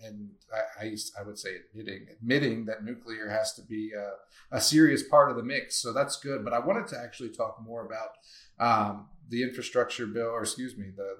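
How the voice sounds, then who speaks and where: Blunt low-voiced man in casual talk. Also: fairly bright tone. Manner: blunt and opinionated, swears casually; thinks aloud in long run-on sentences. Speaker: podcast co-host. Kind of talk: casual podcast discussion.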